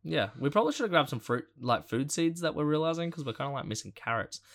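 A man co-hosting a podcast, chatting casually and excitedly, laughing often and using lots of fillers. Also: on the high side, quick pace. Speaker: podcast co-host. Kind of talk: casual chat.

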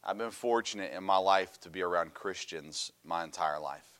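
A middle-aged man preaching a sermon, animated and storytelling, swinging from loud emphasis to quiet asides. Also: low-pitched, moderate pace.

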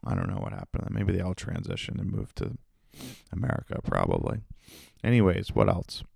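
A low-voiced man with a gravelly edge rambles through a solo podcast monologue. He swears constantly and jokes at his own expense. The sound is dry and close, with no room around it. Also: huge pitch swings, brisk, darkish tone, no room sound. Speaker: podcast host. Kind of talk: casual profane monologue.

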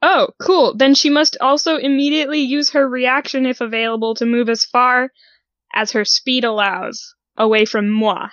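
A woman playing a tabletop game, speaking in an unhurried way and reading the rules aloud. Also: high-pitched, steady tone, fairly bright tone, no room sound, highs cut off. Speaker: player.

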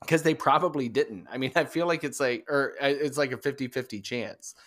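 A man co-hosting a podcast, telling a story in casual chat, rambling and halting with many fillers and restarts. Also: medium pitch, fairly bright tone, dry recording, clean studio sound. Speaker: podcast co-host.

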